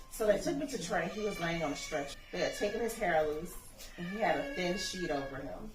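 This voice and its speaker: Woman, low voice, impassioned storyteller, echoey room, mic set far off. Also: expressive, a little fast, music in the background. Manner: earnest, impassioned storytelling that acts out dialogue. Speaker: bereaved mother telling her story. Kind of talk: personal testimony interview. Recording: echoey room, distant mic, faint noise.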